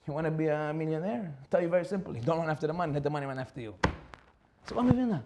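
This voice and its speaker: A young man giving an animated, joking Torah class, who acts out characters and mixes in Hebrew words. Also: on the high side, racing. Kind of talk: animated sermon with storytelling.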